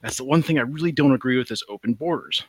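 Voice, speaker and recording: A man's voice: mid-range voice, animated, fast, husky, no echo. A man in his forties calling in to a show and telling a story about his mother, laughing at his own jokes. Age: 40s. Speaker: caller. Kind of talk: casual call-in chat. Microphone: call over voice chat.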